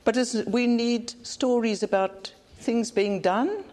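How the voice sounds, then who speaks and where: A woman's voice: a little high, slow pace, darkish tone. A South African woman preaching a conference sermon in an earnest, plain-spoken way, often repeating phrases for emphasis. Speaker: conference speaker.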